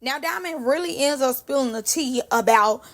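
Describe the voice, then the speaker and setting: A woman with a high-pitched voice runs through reality-show drama in a casual gossip recap. She tells it in an animated, slangy way as a young host talking to her viewers. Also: moderate pace, very noisy.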